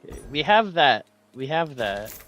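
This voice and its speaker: A strategy game streamer offers casual commentary on gameplay in a mid-range, sing-song and fairly bright voice at normal speed. At setbacks he bursts into melodramatic mock laments, yelps, swearing and laughter.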